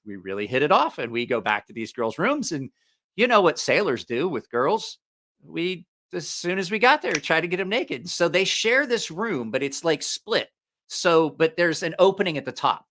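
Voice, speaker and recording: Bright-voiced, rambling live-stream host, a man. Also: fairly high pitch, very animated, moderate pace. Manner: rambling, profane, laughs at his own stories. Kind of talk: casual storytelling on a live stream.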